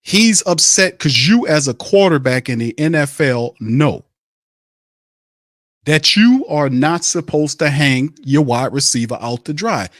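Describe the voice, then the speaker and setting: A man's voice: on the high side, expressive, a little slow, a bit bright, dry recording, clean studio sound. A man hosting a sports podcast, ranting in blunt, profane, repetitive bursts. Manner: fired-up ranting, repeats himself, blunt and profane. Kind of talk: heated sports commentary.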